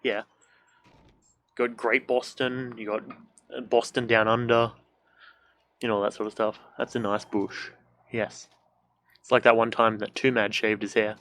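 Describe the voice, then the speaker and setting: A man's voice: on the low side, flat delivery, unhurried, long pauses, a bit bright. A young man streaming a video game from a room at home, casual let's-play commentary, joking, swearing and making silly sound effects.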